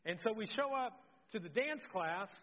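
A middle-aged male pastor preaching a sermon, telling a story in a lively, self-deprecating way. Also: high-pitched, moderate pace. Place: church sanctuary. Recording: dull sound with long hall reverb.

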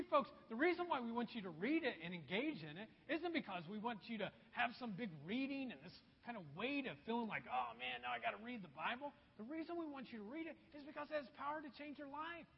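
A man's voice: very high voice, animated, fairly quick, husky. A man preaching a sermon as pastor, emphatic and repeating phrases, calling his listeners folks. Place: church sanctuary. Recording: dull echoey church hall recording.

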